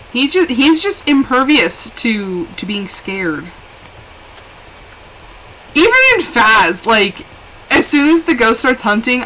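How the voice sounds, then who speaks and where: A woman's voice: a little high, a little hiss or hum, poor audio. A young woman chatting casually and animatedly while live-streaming a game. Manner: chatty and animated, with laughs and exclamations.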